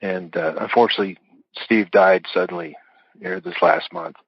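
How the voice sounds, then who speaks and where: A man's voice: sits low, big pitch swings, normal speed, vocal fry, breathy edge, no room sound. A middle-aged man, an author guest in a casual interview, rambling through stories with fillers and chuckles. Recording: dull dry lo-fi audio.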